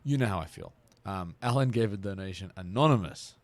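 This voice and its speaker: A man's voice: lowish voice, expressive, fairly quick, dry recording. A man, chatting casually on a live stream while he plays, often laughing and repeating words.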